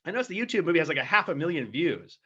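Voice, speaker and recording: Man, casual podcast chat, bright tense voice, a bit high, rambling, dull lo-fi audio. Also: very animated, rapid-fire, slightly rough. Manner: rambling, filler-heavy, laughs often. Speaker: podcast co-host.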